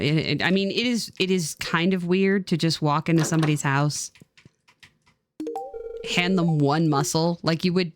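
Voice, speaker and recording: A woman streamer giving casual game commentary in an animated, sarcastic way, with plenty of swearing. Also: lowish voice, slight background noise.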